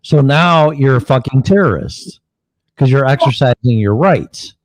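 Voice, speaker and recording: A man's voice: medium pitch, lively intonation, unhurried, no room sound, low-quality recording. A man co-hosting an online talk show, ranting bluntly and mockingly with plenty of swearing. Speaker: co-host. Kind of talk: angry political rant.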